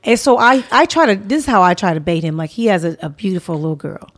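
A young woman hosting a relaxed podcast chat. She talks bluntly and swears freely, spinning stories at an ordinary pitch. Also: fast talker. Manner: blunt, profane, storytelling. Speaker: podcast host. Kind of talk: casual chat.

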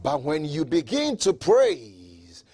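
A man preaching a sermon who acts out mocking onlookers and builds up to fervent shouting. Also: fairly high pitch, very animated, slow pace, slightly rough.

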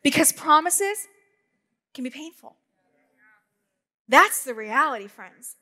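A woman in her thirties preaches a lively sermon, jumping into stories with quick humorous asides. Her voice sits high and bright, and it rings out with the long reverb of a church hall. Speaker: pastor. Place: church auditorium.

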